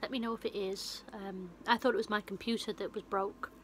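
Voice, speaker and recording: A woman's voice: mid-range voice, level tone, brisk. Chatty woman on a noisy phone recording. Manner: rambling and chatty, with many fillers and restarts. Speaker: vlogger and film reviewer. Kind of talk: casual retelling of a film plot.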